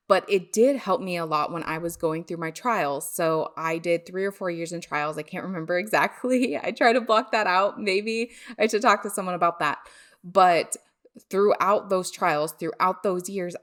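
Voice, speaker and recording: A woman hosting a solo podcast, talking in a candid, chatty way and laughing at herself now and then. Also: on the low side. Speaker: podcast host.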